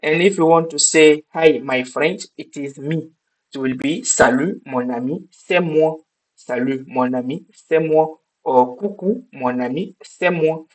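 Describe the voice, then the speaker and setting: A man from Burkina Faso with a Burkinabe French accent, a native French speaker teaching an online lesson and repeating each phrase slowly, checking in with "okay?". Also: on the high side, rough recording.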